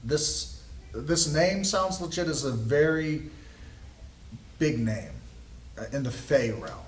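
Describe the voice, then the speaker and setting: A man's voice: a little high, animated, a little hiss or hum. Guy running a tabletop game, lots of ums, echoey room, sounds far from the mic. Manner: halting, lots of ums and restarts. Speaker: game master.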